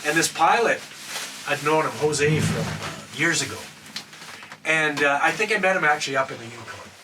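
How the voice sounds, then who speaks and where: This older man's voice is on the high side and moderately paced as he rambles casually through a tale from his days as a Canadian wildland firefighter. He leans on fillers and performed quotes; the mic is distant, with steady noise behind him.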